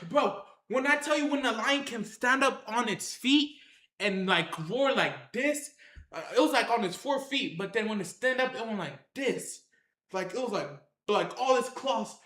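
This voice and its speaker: A man's voice: extremely high pitch, reverberant. A man telling a rambling story on a livestream, repeating himself and calling out to his chat. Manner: animated, repetitive, addresses the chat directly.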